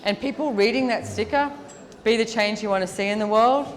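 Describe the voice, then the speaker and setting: A woman speaking as the featured speaker at a live seminar, answering audience questions in a chatty, lively way full of "like"s. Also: a little high, a little fast. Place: large event hall with an audience. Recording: long reverb of a large hall.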